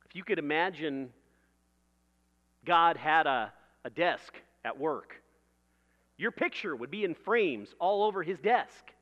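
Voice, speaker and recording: A man's voice: on the high side, expressive, takes it slowly, long pauses, long reverb tail, muffled recording. A man preaching a sermon in a conversational way, building vivid everyday illustrations and laughing at his own jokes.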